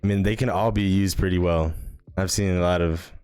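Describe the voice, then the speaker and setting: A man's voice: low-pitched, fairly even intonation, a little fast, darkish tone, smooth, faint music behind. A young man co-hosting a podcast, chatting in a laid-back, easygoing way. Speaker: podcast co-host. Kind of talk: casual chat.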